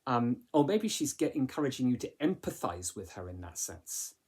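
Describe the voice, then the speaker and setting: A man's voice: medium pitch, sing-song, moderate pace, darkish tone, husky. A man teaching a literature lesson in a chatty way, with many fillers and rhetorical questions. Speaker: English teacher.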